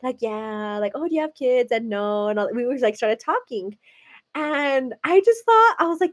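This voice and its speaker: A woman's voice: high voice, expressive, normal speed. Chatty young American woman livestreaming. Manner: chatty, says "like" and "girl" a lot. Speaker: livestream host. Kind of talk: casual chat with live viewers.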